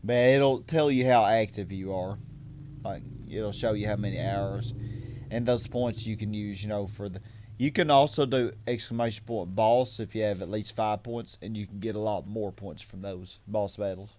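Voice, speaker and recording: A man's voice: lowish voice, normal speed, a little mellow. A man hosting a game stream, chatting casually, rambling and correcting himself as he greets viewers. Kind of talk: casual gaming stream chat.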